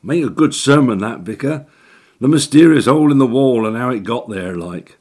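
A man's voice: mid-range voice, lively intonation, normal speed, a little mellow, voice pushed up, natural voice. A man voicing a grinning, simple-minded male church helper who teases and chortles. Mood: teasing. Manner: chortling, teasing.

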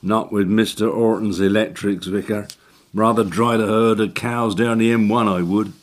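A man's voice: fairly low pitch, steady tone, moderate pace, natural voice. A man doing a chortling, grinning church helper. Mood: teasing. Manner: chortling, teasing. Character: grinning, simple-minded male church helper.

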